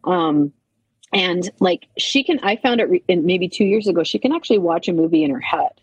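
A middle-aged woman from Canada tells stories as a podcast guest, chatty and full of asides. Her voice sits a little low and has a husky, breathy edge. The sound is close and dry, with little room around it. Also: a little fast, dry recording, rough recording. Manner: chatty, animated storytelling with many asides. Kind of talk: casual chat.

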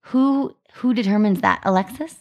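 A woman's voice: mid-range voice, moderate pace, highs cut off. A young woman co-hosting a chatty podcast, telling an upbeat story and reading out marketing details. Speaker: podcast co-host. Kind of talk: casual chat.

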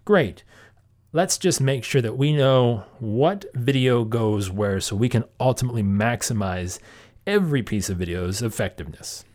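A man's voice: medium pitch, normal speed, darkish tone. A man hosting a casual talk about insurance agency marketing, speaking conversationally with many fillers and restarts. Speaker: podcast host.

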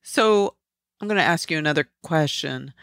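An interviewer asking quick, casual questions with a playful touch. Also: mid-range voice, animated, vocal fry, a bit bright, no room sound, studio quality.

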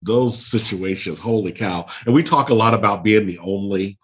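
A male interview host with a low voice, answering a guest's story with thoughtful remarks and exclamations. He sounds relaxed and conversational. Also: normal speed. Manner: reflective, reacting with exclamations.

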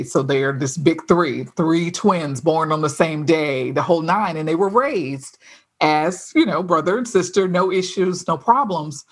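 A woman's voice: sits low, slightly rough. A woman speaking as a podcast guest, telling a story in an earnest, conversational way with frequent restarts.

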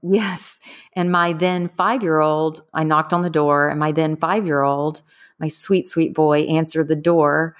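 A middle-aged woman candidly recounting her own experience in a conversation, earnest and a bit halting. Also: deep voice, fairly even intonation, clear, resonant tone. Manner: candid, earnest, trailing off with fillers. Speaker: guest. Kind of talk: personal storytelling in conversation.

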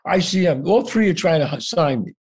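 A man's voice: a little high, very animated, a little fast, breathy edge. An older man telling his story as a podcast guest, acting out both sides of each conversation and swearing freely. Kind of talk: animated storytelling.

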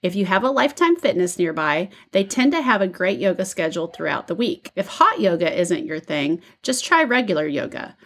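A woman's voice: lowish voice, very animated, a little fast, few pauses. A woman co-hosting a podcast, reading listener stories and chatting casually. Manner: conversational, uses fillers like "like" and "I don't know". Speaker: podcast co-host.

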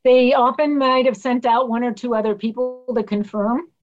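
A woman's voice: fairly high pitch, flat delivery, normal speed, dull audio, soft background music. A woman interview guest telling field stories with animation, acting out the people she quotes. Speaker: guest, public health worker. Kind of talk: interview storytelling.

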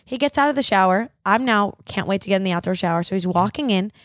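A woman's voice: mid-range voice, quick pace, no echo, studio quality. A young adult woman co-hosting a podcast, telling a story casually and acting out the dialogue. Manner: animated, laughing, acts out quoted dialogue. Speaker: podcast co-host.

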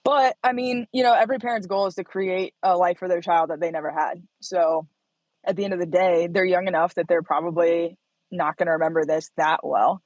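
A breathy woman in her thirties from Indiana, chatting as a guest with a dry, close sound. She tells her story in an animated way, laughing often and acting out what others said. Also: fairly low pitch, brisk, no room sound, rough recording. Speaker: startup founder, guest. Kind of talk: casual interview storytelling.

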